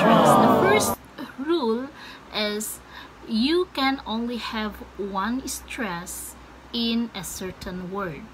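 Slow, chatty woman vlogger. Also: fairly high pitch, very noisy. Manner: slow, chatty, laughs between points. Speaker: vlogger explaining word stress. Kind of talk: casual teaching vlog.

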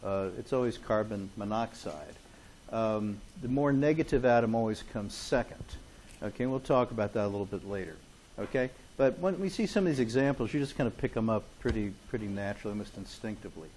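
In a classroom full of students, a man gives a chemistry lecture in a fairly low, darkish voice, moving a little fast. He cracks jokes, keeps things conversational, and frequently checks in with "okay?"

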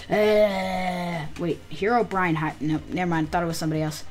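Chatty excitable woman gaming host. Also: lowish voice, moderate pace, soft background music. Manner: chatty, excitable, lots of "like" fillers. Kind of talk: casual game commentary.

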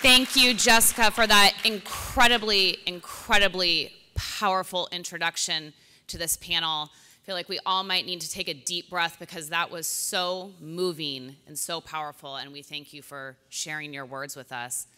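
A woman moderating a conference panel, speaking in an earnest, energetic way through a podium mic in a large conference hall. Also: low voice, moderate pace, some chatter behind. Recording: long reverb of a large hall.

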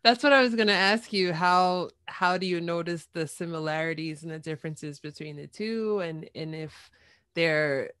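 A woman hosting a podcast interview, asking questions with hedges and quick self-corrections. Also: on the low side, a bit bright, smooth, no room sound, clean studio sound. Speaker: podcast host. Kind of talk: interview conversation.

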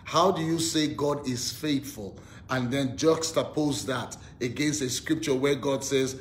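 A man preaching an online devotional sermon, emphatic, repeating words as he builds his points and leading the listeners in spoken declarations. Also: measured pace. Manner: emphatic preaching, leads call-and-response declarations. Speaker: pastor. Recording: echoey room with faint rumble.

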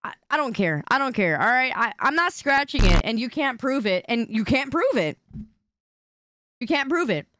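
A woman's voice: a little high, big pitch swings, normal speed, sharp tone, no echo. A woman streamer in casual live-stream chat, whiny and indignant as she bickers with her chat.

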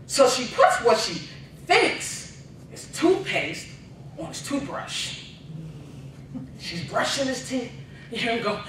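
A man delivers a comic speech full of family anecdotes, his voice leaping up and down with lively expression. He is heard from well back in a very echoey hall. A faint background noise sits under him. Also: very high voice, slow pace, pauses often, recorded from a distance. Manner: storytelling with punchlines, animated. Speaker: speech contestant. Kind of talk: humorous speech.

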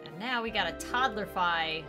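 A young woman chatting casually over gameplay, excitable and talkative, with loud bursts of cheering. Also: medium pitch, moderate pace. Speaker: gaming YouTuber. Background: game music.

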